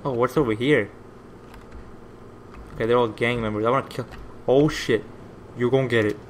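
Rambling excitable gaming commentator, man. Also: mid-range voice, moderate pace, a little hiss or hum. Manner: rambling, easily excited, swears. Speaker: gaming video host. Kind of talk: let's play commentary.

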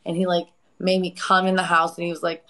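A woman in her forties telling a painful personal story on a live chat, raw and profane, breaking into loud re-enacted outbursts. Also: on the low side, level tone, fairly quick, poor audio. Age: 40s.

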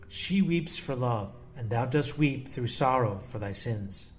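A man's voice: medium pitch, expressive, a little hiss or hum. Man giving a solemn devotional reading. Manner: slow, solemn, measured reading. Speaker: devotional reader.

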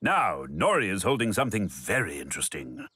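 A British man narrating a preschool cartoon in a gentle storybook manner. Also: sits low, sing-song, fairly quick, background noise. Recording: dry studio voice-over with music.

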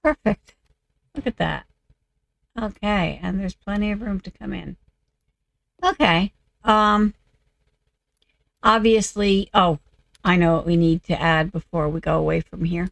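A woman chats through her game at an unhurried pace and mutters to herself as she works. Her voice is gravelly and a little off, with an occasional cough. The sound is dry and close, with no room around it. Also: on the low side, no room sound. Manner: muttering to herself while working. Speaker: video game creator. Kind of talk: casual gameplay commentary.

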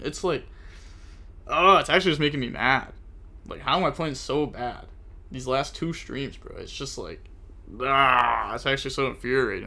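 A man's voice: medium pitch, creaky, sharp tone. A young man streaming a card game, talking to his chat as he plays and getting frustrated with his own mistakes. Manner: frustrated, self-critical, talks to chat. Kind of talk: live card game commentary.

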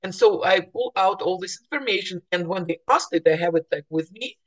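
Speaking a little fast in a lowish voice, a woman real estate agent tells fellow agents chatty stories, starting over mid-thought and voicing bits of dialogue. It's clearly her morning voice, and she clears her throat.

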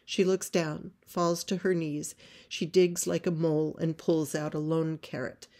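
A woman reading a play script aloud, describing stage directions in a measured way. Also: sits low, flat delivery, warm tone. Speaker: playwright reading her script.

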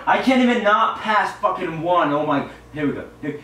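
Raging, profane high-voiced young man. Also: animated, moderate pace, hardly any pauses. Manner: swearing, raging and yelling. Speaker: gamer. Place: indoors with a friend filming. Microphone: phone camera held by a friend. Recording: echoey room, far from the mic, faint hiss.

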